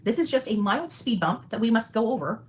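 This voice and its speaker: Fast-talking defiant woman streamer, faint noise. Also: on the high side, big pitch swings, low-quality recording. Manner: defiant, reassuring, preachy, repeats "okay?". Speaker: citizen journalist livestreamer. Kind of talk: direct address to viewers.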